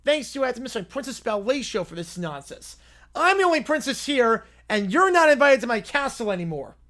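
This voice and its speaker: A man's voice: extremely high pitch, sing-song, brisk, a bit bright, voice pushed up, heavily acted. A man voicing a bossy, spoiled little cartoon aardvark girl in a skit he reads out during a live sports stream. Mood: bratty. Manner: whiny, bossy tantrum talk. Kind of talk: reading a viewer's comedy skit aloud.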